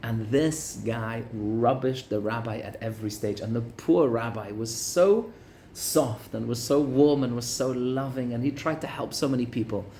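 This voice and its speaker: Rabbi telling a lively Torah story. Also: male voice, mid-range voice, normal speed, slight background noise. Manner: lively storyteller with joking asides.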